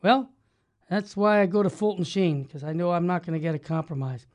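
A man's voice: sits high, a little fast. Fervent man hosting religious radio. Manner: fervent, emphatic, builds to loud exclamations. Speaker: radio show host. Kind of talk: religious talk radio teaching.

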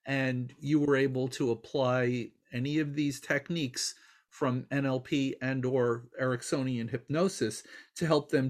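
A man interviewing a guest, asking questions in a measured, deliberate way over a video call. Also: medium pitch.

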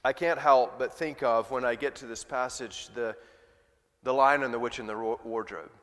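A man preaching a sermon, moving between plain conversational remarks and rhetorical questions to his listeners. His voice sits at a middle pitch, and a long church reverb follows each phrase. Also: normal speed, a bit bright. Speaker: pastor. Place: church sanctuary.

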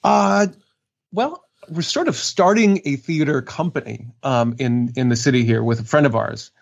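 A male voice actor rambles through casual interview answers, stopping to correct himself and filling gaps with ums and you-knows. His pitch sits in a middle range. The audio is dull and lo-fi. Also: moderate pace, gravelly. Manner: rambling, self-correcting, filler-heavy. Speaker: voice actor guest.

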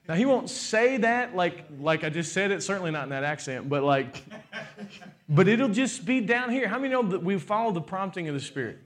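Here a forties-aged pastor moves at a fairly quick clip through his sermon. Rhetorical questions fly at the audience, his voice lively in pitch and volume, with joking side remarks mixed in.

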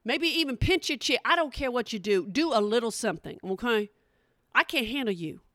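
A middle-aged woman delivers a comedic rant, sassy and exasperated, mocking as she goes. Her voice sits a little high. The sound is close and dry, with no room around it. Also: expressive, a little fast, a bit bright, dry recording.

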